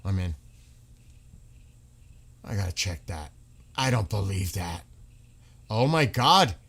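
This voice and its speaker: A man streams his live reactions, his voice swinging through a lively, animated range. He talks slowly and deliberately, with excitable bursts of disbelief and the odd curse. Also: sits low, gravelly, husky. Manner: excitable, swearing, exclaims in disbelief.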